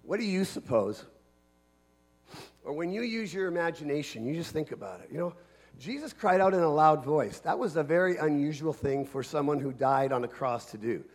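A man preaching a sermon in an earnest manner, dropping to a hush and then building to shouts. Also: on the high side, expressive, moderate pace.

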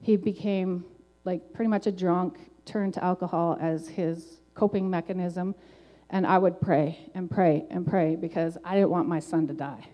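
Middle-aged woman, mellow tone, earnest chatty faith testimony, filler-heavy. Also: fairly low pitch, steady tone, normal speed. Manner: earnest, conversational, frequent "like" and "um". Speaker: testimony speaker.

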